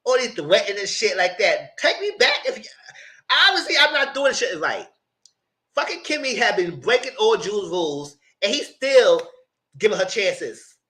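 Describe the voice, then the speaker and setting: A man with a high, swooping voice that jumps all over its range recaps reality TV live. He is blunt and profane and laughs often as he talks. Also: big pitch swings, normal speed, bright, forceful tone. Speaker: channel host reviewing reality TV. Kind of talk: casual live recap commentary.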